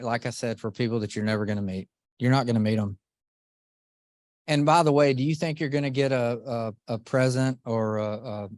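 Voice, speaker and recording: A man's voice: medium pitch, dry recording. Earnest man rallying a room. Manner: earnest, animated, addresses audience directly with questions. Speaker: motivational speaker. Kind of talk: motivational talk to a live group.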